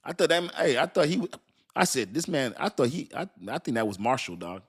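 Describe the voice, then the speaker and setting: A man's voice: medium pitch, big pitch swings, brisk, slightly rough. Chatty male crypto live-streamer. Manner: loose and chatty, talks straight to his chat, repeats himself; laughs often and thinks aloud while reading. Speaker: crypto livestream host. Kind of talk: casual live-stream chat.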